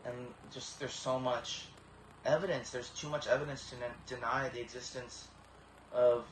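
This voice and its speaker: Earnest halting man, echoey room. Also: medium pitch, steady tone. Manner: halting, many repeated starts, earnest. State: tearful, emotional. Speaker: vlogger. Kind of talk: emotional personal testimony. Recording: echoey room with faint background hiss.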